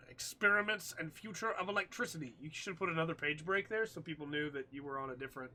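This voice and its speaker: Streamer, male, high and very bright voice, chatty, reads aloud with wry asides. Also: quick pace, hardly any pauses. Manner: chatty, jokey, talks to chat, reads text aloud with asides. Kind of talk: casual gameplay commentary and reading aloud.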